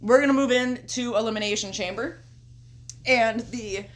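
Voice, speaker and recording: A woman's voice: a little high, normal speed. Young woman, podcast co-host, casual and chatty, swears freely. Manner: casual, swears often, talks through her picks at length. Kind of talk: casual chat.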